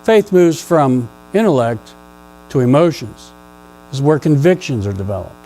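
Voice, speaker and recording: A male pastor preaching a sermon in a church, conversational and playful with the congregation, rising to loud emphatic questions. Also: medium pitch, big pitch swings, normal speed, poor audio. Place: church sanctuary.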